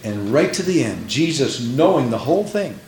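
A man preaching a sermon, swinging from hushed tones to shouted, dramatic passages. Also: medium pitch, sing-song, moderate pace. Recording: roomy echo with faint background noise.

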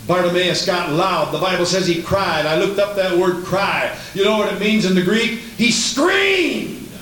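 An older male pastor delivers a fervent sermon, dropping to near-whispers and then rising again. His voice sits on the high side and rings through a reverberant sanctuary. A faint hiss lies underneath. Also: steady tone, normal speed. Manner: impassioned, swinging from booming to hushed. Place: church sanctuary. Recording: echoey church with faint hiss.

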